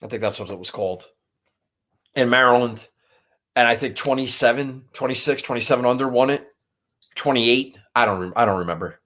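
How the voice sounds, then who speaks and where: A man's voice: medium pitch, fairly quick, pauses often, a bit bright. A man hosting a golf betting show, talking in a rambling, profane, frustrated way. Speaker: golf betting podcast host. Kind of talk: casual chat.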